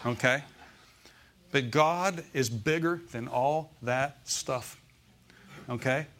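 A man's voice: medium pitch, slow, a bit bright. A male pastor preaching a Sunday sermon in a church, often calling out "Amen?" and "Okay?" to the congregation.

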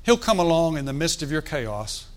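A man's voice: on the high side, sing-song, moderate pace. A man preaching a sermon in a conversational, folksy way, with joking asides and calls for the congregation to answer. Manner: asks the congregation for responses.

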